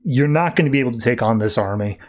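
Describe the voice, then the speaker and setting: A man's voice: medium pitch, quick pace, darkish tone, natural voice. A man playing a proud king of the sea who talks bluntly and gives orders. The voice stays close to an ordinary speaking voice, firm and matter-of-fact. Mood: brusque. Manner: blunt and commanding. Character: proud, brusque adult male sea king.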